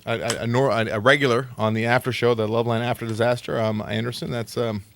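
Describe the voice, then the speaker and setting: A man hosting a late-night radio aftershow from a studio, animated and sarcastic, cursing freely and teasing callers. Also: medium pitch, fast, vocal fry, slight background noise. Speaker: radio show host.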